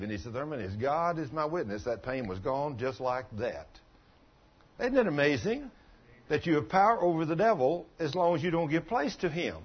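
An older man in his late sixties delivers a folksy, down-to-earth sermon. His voice is husky and sits a bit high for a man. The recording sounds dull and lo-fi. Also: sing-song, moderate pace. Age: 60s. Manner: folksy, conversational preaching with colloquial grammar. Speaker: pastor. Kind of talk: sermon with storytelling.

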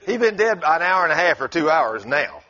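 A man's voice: on the high side, very animated, brisk, bright, forceful tone. A man who preaches, telling a story in casual conversation in a folksy way and chuckling as he goes. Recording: dull lo-fi recording.

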